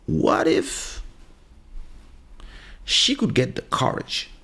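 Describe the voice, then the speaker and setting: A man hosting a podcast, telling a story in a casual monologue and acting out the voices of the people in it. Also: very slow. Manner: animated storytelling, acts out quoted voices. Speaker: podcast host.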